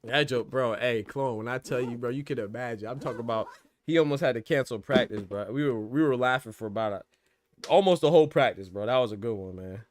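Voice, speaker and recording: A man's voice: mid-range voice, fast, a little hiss or hum. Slangy, laughing male podcast host. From Florida. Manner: loose, slangy, laughs often. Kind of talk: casual livestream chat.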